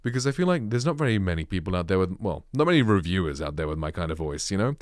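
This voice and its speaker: A British man with a dark, bassy voice reviewing microphones in a casual vlog, rambling with lots of "like" and fillers. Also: sing-song, fast talker, dry recording, clean studio sound. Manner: rambling, filler-heavy, full of "like". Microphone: close studio microphone.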